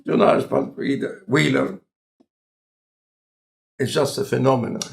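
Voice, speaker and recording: A man with an Egyptian accent and a non-native speaker of English, talking in a relaxed, conversational lecture style with deliberate, halting phrasing. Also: mid-range voice, gravelly. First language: Arabic. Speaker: scientist in conversation.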